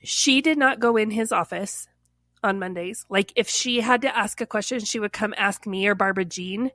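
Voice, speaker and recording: A woman's voice: mid-range voice, normal speed, dry recording, clean studio sound. A woman casually telling a personal story on a podcast, acting out what others said and filling her speech with "like.". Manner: animated, acts out quoted voices, lots of "like".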